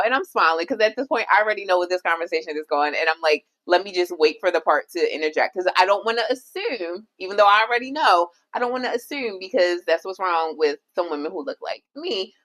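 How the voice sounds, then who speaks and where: A woman from the United States co-hosting a casual podcast chat, telling a story and acting out the voices of the people in it. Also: mid-range voice. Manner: animated storyteller, acts out quoted voices. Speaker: podcast co-host.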